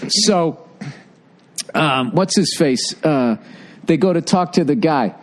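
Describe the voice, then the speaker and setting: A man co-hosting a podcast, telling profane, animated stories in casual chat. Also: on the high side, takes it slowly. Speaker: podcast co-host.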